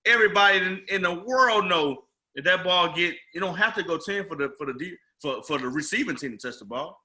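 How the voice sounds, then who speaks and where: Sports talk host, male, high and very sharp-toned voice, emphatic rambling delivery. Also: animated, brisk. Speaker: podcast host.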